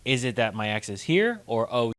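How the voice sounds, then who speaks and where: A man banters with his co-host, cutting in with quick jokes and reactions. His pitch swings around a lot, and his tone is bright. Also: very animated, no room sound. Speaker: podcast co-host. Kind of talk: casual chat.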